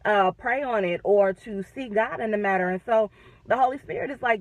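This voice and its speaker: A woman's voice: medium pitch, moderate pace, no room sound, muffled recording. Chatty woman vlogging. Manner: animated, chatty, self-deprecating humor. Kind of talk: casual faith vlog. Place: in a car.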